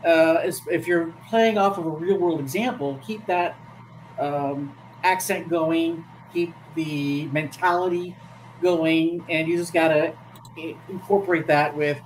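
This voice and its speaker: A guest on a casual panel discussion, giving advice haltingly with many fillers. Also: medium pitch, fairly even intonation, slight background noise, rough recording.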